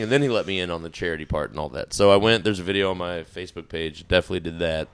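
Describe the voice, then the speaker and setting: A man on a podcast, telling stories in a casual, animated way, swearing freely and acting out his own panic. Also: sits low, fast talker, hardly any pauses, clean tone. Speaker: podcast guest. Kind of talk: casual storytelling chat.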